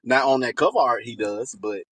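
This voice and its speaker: A man co-hosting a podcast in casual chat, speaking in with loud, profane, animated banter. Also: mid-range voice, brisk, slightly rough, rough recording. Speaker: podcast co-host.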